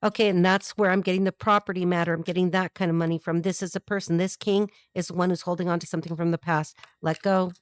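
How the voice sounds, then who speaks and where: A woman's voice: on the low side, quick pace, few pauses, dry recording, studio quality. A woman giving a casual tarot reading, blunt and profane, tossing off wisecracks and jumping from thought to thought. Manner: animated, jumps between thoughts. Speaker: tarot reader.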